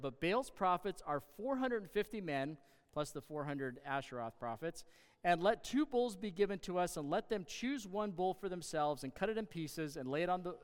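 Animated man preaching in a reverberant hall. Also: fairly high pitch, clear, resonant tone. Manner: animated, sarcastic asides, rising to loud emphasis. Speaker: pastor. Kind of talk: sermon with scripture reading.

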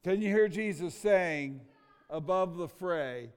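A middle-aged man preaching a sermon in a church, emotional and full of rhetorical questions with dramatic pauses. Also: high voice, lively intonation, clean tone. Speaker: pastor. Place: church sanctuary. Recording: long reverb of a large hall.

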